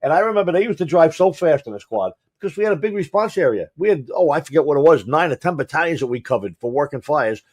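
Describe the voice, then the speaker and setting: A man with a slightly high voice co-hosts a fire service podcast. He talks quickly and casually, often stumbling and restarting his sentences mid-thought. He comes across as an experienced officer sharing stories from his years on the job. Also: lively intonation, darkish tone. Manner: rapid, with frequent restarts and stumbles. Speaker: podcast co-host, former fire chief. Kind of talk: conversational podcast talk.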